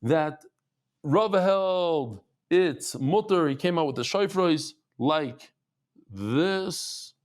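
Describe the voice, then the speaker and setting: Man, Talmud teacher, slightly high voice, animated storyteller who acts out the voices. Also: very slow. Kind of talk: lively Talmud class.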